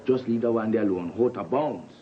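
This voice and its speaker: A man's voice: fairly low pitch, a little fast, muffled recording, close to an everyday voice. A man playing a sly Jamaican church treasurer. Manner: sly, sing-song greetings. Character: sly male church treasurer greeting worshippers. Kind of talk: comedy sketch. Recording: noisy ambience.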